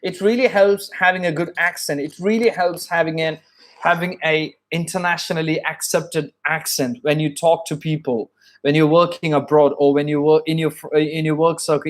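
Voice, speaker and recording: Earnest man with a British-influenced accent. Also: a little high. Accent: British-influenced English. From born in Saudi Arabia, studied in India. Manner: earnest, repeats and restates points, many fillers. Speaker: live-stream host and English tutor. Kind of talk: casual live-stream talk.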